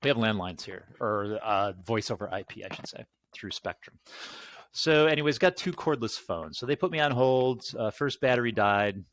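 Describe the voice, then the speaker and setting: A man's voice: fairly low pitch, lively intonation, moderate pace, a bit bright. Profane, exasperated man ranting. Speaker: channel host. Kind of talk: casual ranting monologue.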